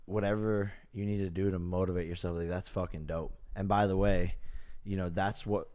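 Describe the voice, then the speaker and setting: Low-voiced, earnest young male co-host. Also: fairly even intonation, moderate pace, darkish tone. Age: 20s. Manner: earnest, motivational. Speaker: podcast co-host. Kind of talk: casual podcast chat.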